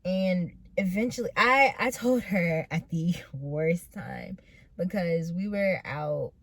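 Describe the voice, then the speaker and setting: Young woman in her late teens, low pitch, earnest vlog confessional, halting and emotional. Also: fairly bright tone, no room sound. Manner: hesitant, full of pauses and "like" fillers; earnest and emotional, close to tears. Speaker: vlogger telling her own story. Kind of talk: personal storytelling.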